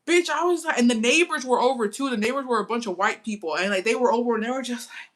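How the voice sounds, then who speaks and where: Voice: mid-range voice, quick pace, fairly bright tone. A young adult telling a family story in a casual, profane way, switching between English and Spanish and talking straight to viewers. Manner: chatty, addresses viewers directly. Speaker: storytime vlogger.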